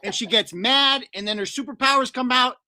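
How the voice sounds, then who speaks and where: A man's voice: very high voice, brisk, pushed and bright, no room sound. A man delivering a profane, sarcastic comedic rant about a movie.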